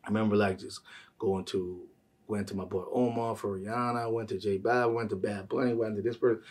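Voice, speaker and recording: A man tells stories from the music business in a casual interview, profane and animated. He talks quickly in a lowish voice. His voice sits a little back from the mic. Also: breathy edge, distant mic. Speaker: music manager, interview guest.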